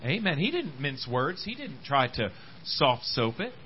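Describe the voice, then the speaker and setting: A man's voice: sing-song, unhurried, highs cut off, a little hiss or hum. Preacher man, rising and falling. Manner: swings between loud rising exhortation and quiet low asides; repeats words and restarts phrases, with frequent amens. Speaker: pastor. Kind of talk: sermon. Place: church service.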